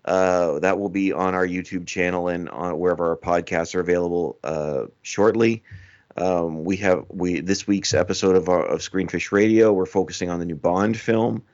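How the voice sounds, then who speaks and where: A lower-voiced man with a Canadian accent chats as a podcast guest in a friendly, rambling way. The recording sounds dull and lo-fi. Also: steady tone, normal speed, a little mellow. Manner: friendly, rambling, laughs easily. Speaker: podcast guest, film critic. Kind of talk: casual podcast chat.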